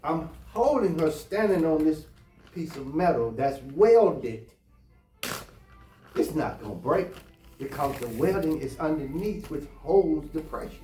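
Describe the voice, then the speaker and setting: A man's voice: on the high side, expressive, unhurried, dark tone. A man telling a personal anecdote in a casual, blunt and heated way, with lots of cursing. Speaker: storyteller. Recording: roomy, distant mic, faint music.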